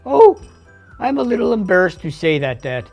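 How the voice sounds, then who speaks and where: A woman's voice: on the low side, sing-song, moderate pace, gravelly, darkish tone, faint music behind, full character voice. Lady doing a little puppy kid puppet, shy and sweet, voice bouncing all over. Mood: bashful. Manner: bashful, sing-song. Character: eager young pup, son, shy and good-hearted. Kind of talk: kids' puppet show.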